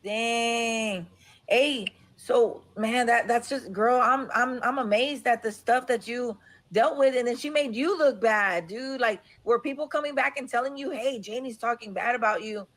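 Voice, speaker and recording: A woman's voice: fairly high pitch, measured pace, a bit bright. Casual woman host saying dude. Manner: sympathetic, says dude a lot. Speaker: live stream host. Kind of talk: casual chat.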